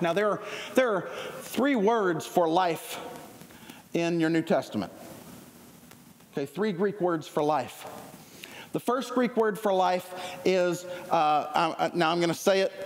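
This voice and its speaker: A man preaching a sermon, energetic and conversational, often restarting his sentences. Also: high-pitched. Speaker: pastor. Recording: long hall reverb.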